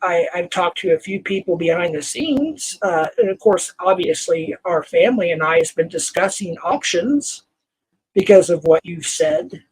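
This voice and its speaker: A man's voice: high-pitched, big pitch swings, vocal fry, husky, rough recording. Heated older man scolding his stream chat. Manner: heated, scolding, halting restarts. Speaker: livestream host. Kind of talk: angry livestream rant to chat.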